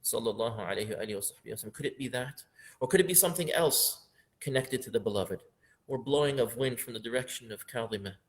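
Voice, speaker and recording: A man teaching a lesson on a classical poem, earnest, repeating phrases for emphasis and rising sharply in pitch when he acts out the inner voice. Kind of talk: lecture explaining classical poetry.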